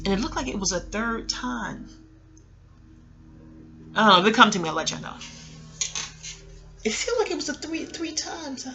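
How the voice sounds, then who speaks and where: A woman's voice: mid-range voice, pushed and bright, muffled recording. A woman rambling through a casual, profane monologue about reality TV, chatty and full of digressions. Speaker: online commentary creator.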